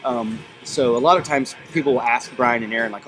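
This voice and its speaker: A relaxed man chatting about his band's songs and tours in an easygoing interview, with plenty of fillers as he thinks aloud. His voice sits at an ordinary middle pitch. Loud music plays behind him. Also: fairly quick, poor audio. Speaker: band member. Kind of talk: casual interview chat.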